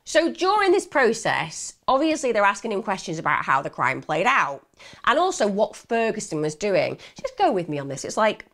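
A woman's voice: medium pitch, wildly swooping pitch, moderate pace. A woman telling a true crime case in a chatty way, talking directly to her viewers.

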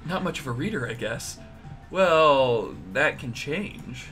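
A man's voice: mid-range voice, animated, slow pace, faint music behind. A young man hosting a let's play, reading the game's text aloud and cracking jokes. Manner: joking, bright quips. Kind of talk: casual gaming commentary.

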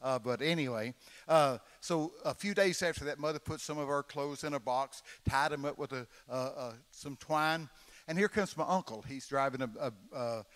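In a large church conference hall with long reverb, a man in his eighties from Texas delivers a sermon built on folksy, dramatic stories, complete with acted-out voices. He speaks at normal speed in a voice on the high side, fairly bright, clear, and resonant.

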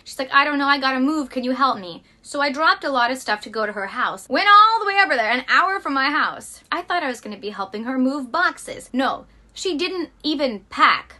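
A woman's voice: high-pitched, sharp tone. A woman vlogger giving blunt, emphatic advice and telling personal anecdotes.

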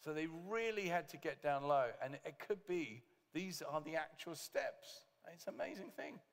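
A man preaching a sermon as pastor, lively, with joking asides to the congregation. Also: a little high, normal speed, big-room sound. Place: church hall.

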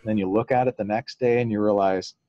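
In a dry, muffled recording, a man with a fairly low voice talks a little fast as a psychologist guest in an interview. Relaxed and anecdotal, he explains concepts through stories, acts out what people said, and often chuckles.

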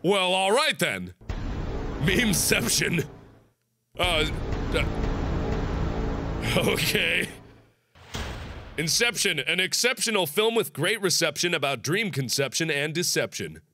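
Excitable high-voiced gamer man. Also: takes it slowly, vocal fry, long pauses. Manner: excitable, punny, frequent yelps and laughs. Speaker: gaming YouTuber. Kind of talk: let's play commentary. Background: game music.

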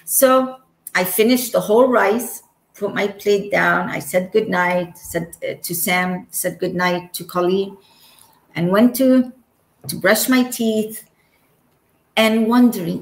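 A woman in her forties from Egypt tells her personal story slowly and earnestly. Her words carry a little roomy echo, and her middle-pitched voice breaks into the odd quick giggle. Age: 40s. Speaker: guest telling her near-death story. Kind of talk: emotional personal testimony.

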